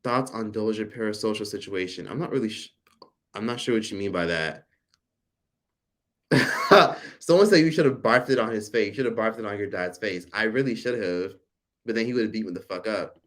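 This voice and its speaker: Animated, profane man telling a story. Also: lowish voice, a little fast. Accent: American. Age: 40s. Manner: animated storytelling, frequent profanity, reads chat aloud. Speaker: livestream host. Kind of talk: casual livestream chat.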